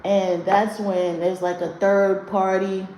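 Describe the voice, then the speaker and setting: A woman's voice: medium pitch, level tone, slow, mellow. Blunt, profane woman ranting on a livestream. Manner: blunt, profane, rants at chat. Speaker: livestream host doing card readings. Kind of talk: casual livestream chat. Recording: roomy echo, faint noise.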